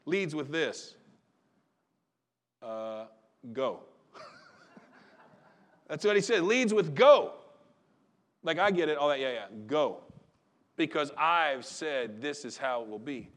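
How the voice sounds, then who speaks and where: A man preaches in a relaxed, folksy manner. He acts out the voices in the stories he tells. His voice sits a little high. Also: takes it slowly, long pauses. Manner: folksy, conversational preaching with dramatized quotes. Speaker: pastor. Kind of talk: sermon.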